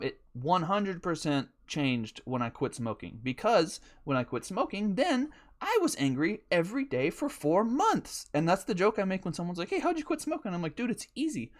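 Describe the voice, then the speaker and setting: A young man hosting a podcast, telling a rambling, profane, self-mocking story in casual chat and laughing often. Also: a little high. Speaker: podcast host.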